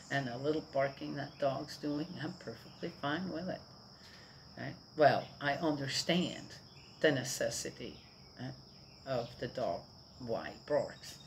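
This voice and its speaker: A woman's voice: extremely low pitch, slight background noise, low-quality recording. Rambling older woman chatting outdoors. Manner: rambling, chatty, keeps checking in with "right?". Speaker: vlogger. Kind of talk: casual morning chat.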